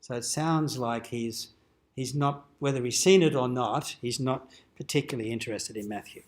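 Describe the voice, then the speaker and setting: A man's voice: medium pitch, normal speed. A man, a dean, giving an informal teaching lecture at a cathedral forum, explaining in a conversational way and lifting his voice for quoted lines. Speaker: dean presenting an adult education forum.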